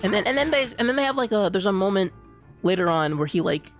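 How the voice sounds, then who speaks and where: Talking fast with a high, fairly bright voice and lively intonation, a young man gives rambling, casual commentary while streaming a game. He keeps restarting and leans on fillers like "like" and "you know," over background game music.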